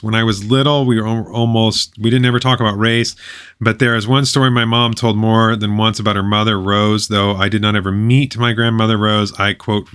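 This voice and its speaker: A man's voice: fairly low pitch, fairly bright tone, clear, resonant tone. A man reading a web page aloud and commenting on it, with sarcastic, mocking asides.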